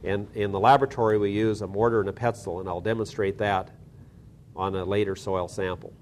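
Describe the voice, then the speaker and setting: A man's voice: fairly low pitch, steady tone, a little fast, slight background noise. A man teaching soil science, talking methodically through a hands-on lab demonstration with small restarts.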